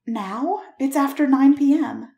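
A woman's voice: high-pitched, unhurried, creaky, dark tone, echoey room, pitched above the performer's own voice. A woman reading Marinette, a wry young woman. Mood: teasing.

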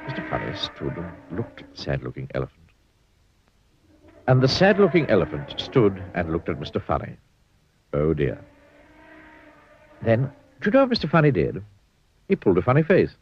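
A man narrating a children's storybook aloud in an animated, giggly way. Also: sits low, normal speed, long pauses, lo-fi sound, background noise. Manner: animated, giggles through the reading.

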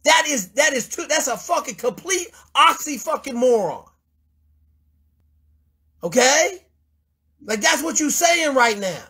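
A man's voice: very high voice, expressive, a little slow, long pauses, sharp tone. A man mentoring a caller in a blunt, profane, confrontational lecture. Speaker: host mentor.

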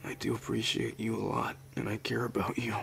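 A man voicing a shy, anxious young man in a whispered role-play, speaking softly and hesitantly. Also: lowish voice, flat delivery, fairly quick, vocal fry, a little hiss or hum. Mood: tender, insecure. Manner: soft, hesitant, flustered stammering. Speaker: ASMR roleplayer.

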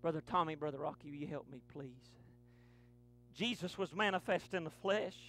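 A man, preaching a fervent sermon to his church, punctuating lines with breathy "uh"s. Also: a little high, normal speed, slight background noise. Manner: fervent preaching with rising, shouted runs and many "uh" breaths. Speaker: pastor. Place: church sanctuary.

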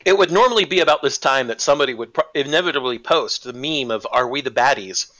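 A man's voice: mid-range voice, lively intonation, fast talker, sharp tone, rough recording. A man joking and swearing freely in casual banter during a tabletop game stream. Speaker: co-host player.

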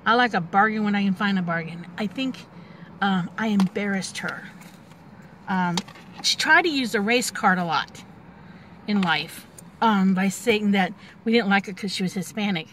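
A woman's voice: mid-range voice, moderate pace, fairly bright tone, a little hiss or hum. A woman in her forties telling a personal family story in a candid, rambling way, with many fillers and restarts. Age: 40s. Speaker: vlogger.

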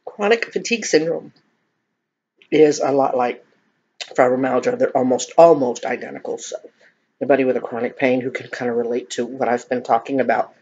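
Husky-voiced woman, lo-fi mukbang vlog. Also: very deep voice, brisk, mellow. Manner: joking, self-deprecating, chatty with viewers. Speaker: mukbang vlogger. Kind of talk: casual vlog while eating. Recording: dull lo-fi home recording.

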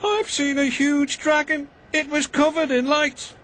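A man with a British accent voicing a timid young male tank engine who scares easily, talking in a high, jittery, breathless way over background music. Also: sing-song, measured pace, a bit bright, slightly rough, exaggerated voice. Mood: excited.

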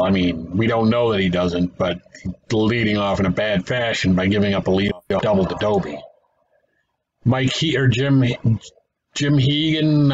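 A man's voice: medium pitch, muffled recording, a little hiss or hum. A man giving casual play-by-play commentary on a simulated baseball game, thinking aloud, correcting himself and adding wry asides. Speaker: gaming channel host.

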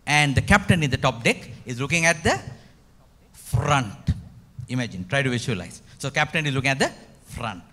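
Speaking Sri Lankan English, a man gives a retreat talk, pressing his points emphatically and peppering his audience with rhetorical questions. His voice is medium in pitch, expressive, pushed and bright, at a normal speed.

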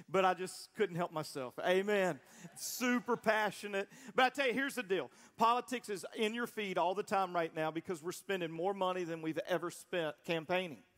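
A man preaching a sermon to his congregation in an animated, conversational way, leading the crowd in call-and-response. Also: high-pitched. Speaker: pastor. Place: church auditorium before a congregation.

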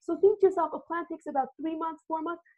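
A woman coaching on self-love, telling stories with excitement and acting out the people she quotes. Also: extremely high pitch, quick pace. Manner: excited, animated, acts out quoted dialogue. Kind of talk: enthusiastic motivational storytelling. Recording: phone-like narrow audio.

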